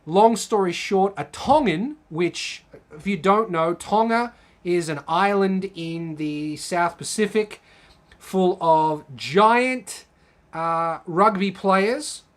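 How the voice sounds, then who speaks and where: Australian male streamer, slow, rambling live Q&A delivery, casual swearing. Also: high-pitched.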